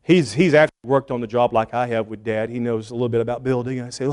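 A man's voice: mid-range voice, fairly even intonation, quick pace, a little mellow. A man preaching a sermon, telling a story with emphatic, repeated lines. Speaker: pastor.

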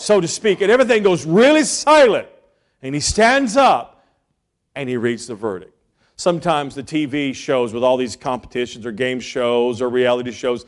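A middle-aged man preaching from the pulpit in a voice that sits high for a man. He tells homely stories, and his delivery swings from loud, excited bursts down to quiet, hushed asides. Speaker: pastor. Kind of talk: sermon.

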